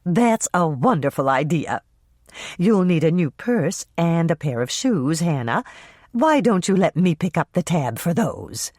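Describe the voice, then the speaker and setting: Bossy grand mom, talks down, slow and showy, narrator doing her, dry sound. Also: mid-range voice, sing-song, darkish tone, no room sound. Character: proud, bossy middle-aged mother.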